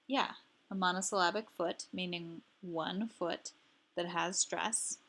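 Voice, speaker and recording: A woman teaching a language lesson, explaining syllables slowly and repeating each example word carefully for learners. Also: mid-range voice, a bit bright. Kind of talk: slow instructional explanation.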